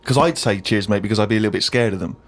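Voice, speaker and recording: A man's voice: lowish voice, racing, a little hiss or hum. A man on a podcast, telling a self-deprecating comic story full of hesitant fillers. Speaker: podcast co-host.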